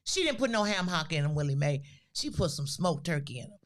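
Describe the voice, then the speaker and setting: A woman imitating her elderly mother, who is fussy and indignant, in a high, scolding, exaggerated voice. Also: very animated, fairly quick. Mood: complaining.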